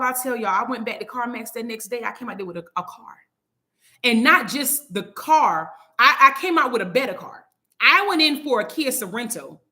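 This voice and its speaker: Bright-voiced woman giving an emphatic testimony. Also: on the high side. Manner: emphatic, conversational, asks rhetorical questions. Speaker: Bible study host. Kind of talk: casual spoken testimony.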